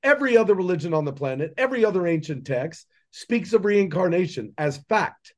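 This man speaks in a notably high register for a male voice. He delivers a fervent, preachy monologue as a podcast guest, piling up rhetorical questions to drive his point home. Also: expressive, brisk. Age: adult with children. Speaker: podcast guest, entrepreneur and mentor. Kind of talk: impassioned conversational monologue.

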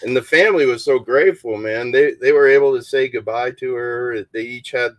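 A man hosting a casual podcast chat about paranormal investigations, who talks haltingly with many fillers and restarts. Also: mid-range voice, no room sound, poor audio.

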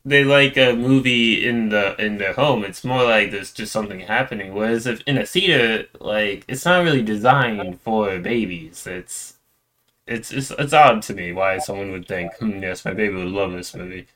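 A man co-hosting a casual podcast chat, talking haltingly with frequent restarts. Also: lowish voice, pushed and bright. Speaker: podcast co-host.

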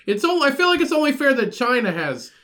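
A man's voice: extremely high pitch, fast. A man co-hosting a podcast in casual chat, arguing in disbelief and reading bits of web articles aloud. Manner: animated, incredulous, reads aloud from web articles. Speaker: podcast co-host.

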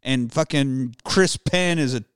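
A man's voice: medium pitch, a little slow, clean tone, dry recording, studio quality. Profane, joking man on a podcast. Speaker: podcast co-host. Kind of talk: casual movie podcast chat.

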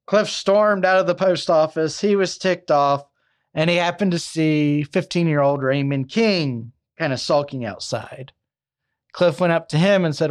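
A man's voice: fairly high pitch, a little slow, clean tone. A man casually narrating a true crime story, chatty with asides and fillers. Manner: conversational, many fillers and asides.

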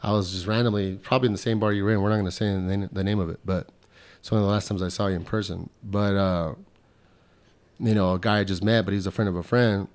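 A man's voice: lowish voice, steady tone, fast, darkish tone. Laid-back man hosting a podcast. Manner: laid-back, rambling, swearing. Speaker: podcast host. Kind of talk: casual podcast chat.

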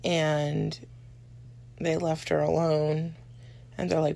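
Low, gravelly-voiced woman recounting memories. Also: little pitch movement, slow pace, dark tone, no room sound. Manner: chatty, many "like" fillers. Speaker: interviewee.

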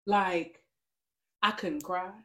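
A woman co-hosting a casual faith podcast, telling her story with lively acted-out quotes. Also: on the low side, very slow. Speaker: podcast co-host.

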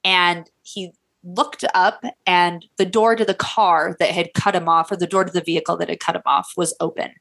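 A woman's voice: fairly low pitch, fairly even intonation, moderate pace, gravelly, a bit bright. A woman with an English accent, co-hosting and telling a story in a casual, chatty way, with plenty of fillers. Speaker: podcast co-host.

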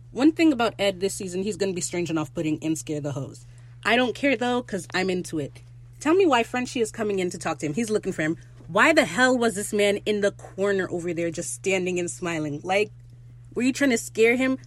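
A young woman hosting a casual solo podcast, gushing and excitable as she recaps a TV episode and quotes characters in quick asides. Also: lowish voice.

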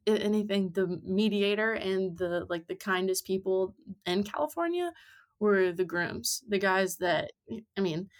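A woman in her twenties, an amateur rider appearing as a podcast guest, tells stories in casual chat full of fillers. Her voice is medium-pitched and a little slow.

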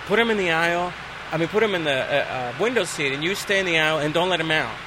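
A man, a flight attendant guest, telling an animated anecdote and acting out the voices of the people in it with big jumps in pitch. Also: fast. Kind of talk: animated storytelling. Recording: loud traffic noise behind.

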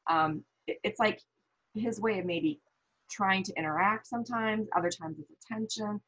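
A middle-aged woman from the American Midwest, telling stories as a guest in a casual interview with restarts and quick laughs. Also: medium pitch, poor audio. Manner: animated storytelling, frequent restarts and laughs.

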